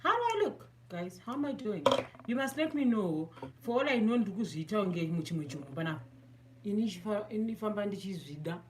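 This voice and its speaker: With a mid-range, darkish voice and lively intonation, a Zimbabwean woman speaks fairly quickly as she chats through a makeup tutorial, laughing at herself and slipping between English and Shona. She's a beauty vlogger with a Zimbabwean accent, and slight background noise can be heard.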